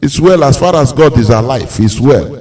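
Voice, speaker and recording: A man's voice: medium pitch, expressive, moderate pace, background noise. A man with a Nigerian English accent giving a live radio talk, lecturing and acting out the voices of the people he quotes. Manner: preachy, acts out quoted voices, laughs often. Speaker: radio presenter.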